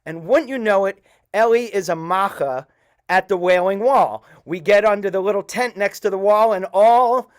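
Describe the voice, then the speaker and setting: Middle-aged man, somewhat high voice, earnest halting storyteller addressing a live audience. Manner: earnest, halting, with many pauses. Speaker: storyteller at a community event.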